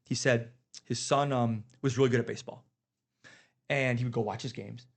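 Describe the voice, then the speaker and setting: A man's voice: medium pitch, steady tone, normal speed, creaky, breathy edge. A man on a podcast telling heartfelt stories about his kids in casual chat, getting emotional. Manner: earnest, emotional storytelling. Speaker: podcast guest.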